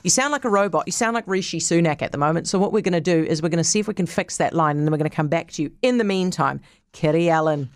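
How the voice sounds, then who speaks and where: A New Zealand woman hosts a live news segment, her voice sitting low and her words tumbling out quickly. She sounds brisk, chatty and direct, recorded close and dry in the studio. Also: dry recording. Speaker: radio news host.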